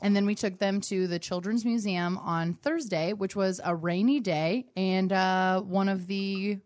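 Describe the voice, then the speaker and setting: A young woman telling a funny story in casual chat, animated and laughing, with lots of fillers. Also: mid-range voice, measured pace, no echo.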